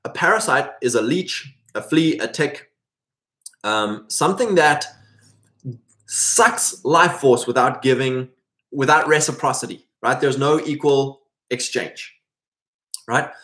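A middle-aged man giving a casual preaching talk to men, animated and acting out quoted voices as he goes. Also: mid-range voice, takes it slowly. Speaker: Christian men's teacher.

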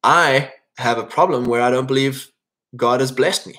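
A man giving a loose, conversational sermon at a mid-range pitch. He talks as if chatting with his listeners, keeps tagging his points with "right?", and often doubles back to restart a phrase. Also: moderate pace, a bit bright. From England. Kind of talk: informal sermon.

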